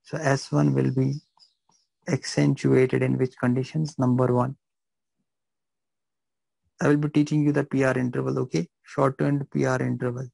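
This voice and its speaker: A man's voice: medium pitch, flat delivery, moderate pace, gravelly, long pauses, a little mellow, no echo, poor audio. A man teaching a live physiology class, repeating phrases and checking that students understand.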